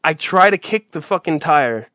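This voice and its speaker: Male talk host, profane rambling ranter, bright and forceful tone, dry close sound. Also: a little high, lively intonation, moderate pace, dry recording. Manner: rambling, profane, exasperated storytelling. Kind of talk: profane comedic rant.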